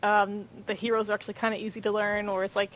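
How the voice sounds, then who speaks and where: A woman's voice: medium pitch, flat delivery, fast, fairly bright tone, poor audio. A woman chatting as a podcast guest, talking loosely with many fillers and restarts. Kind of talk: casual chat.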